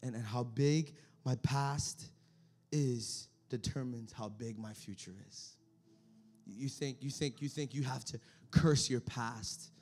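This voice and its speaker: A man preaching a sermon as pastor, moving between shouted emphasis and quiet, low passages, often repeating and restarting words. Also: takes it slowly.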